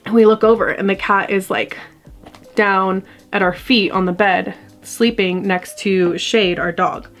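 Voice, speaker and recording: With soft background music playing, a young adult vlogger rambles through a ghost story to her camera, picked up by its mic, chatty and leaning heavily on "like" and other fillers. Her mid-range voice is steady and a little slow.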